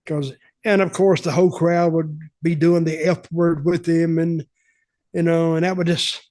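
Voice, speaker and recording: An older male host telling stories in a blunt, rambling, conversational way. His voice sits a little high for a man. The sound is close and dry. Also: flat delivery, moderate pace, a little mellow, dry recording. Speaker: podcast host. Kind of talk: casual storytelling.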